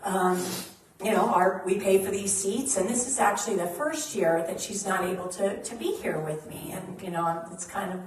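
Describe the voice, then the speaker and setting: A woman voicing a grieving older man who talks in a quiet, halting way. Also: mid-range voice, slight background noise, voice pushed down, lightly acted. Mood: subdued. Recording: echoey hall, mic at a distance.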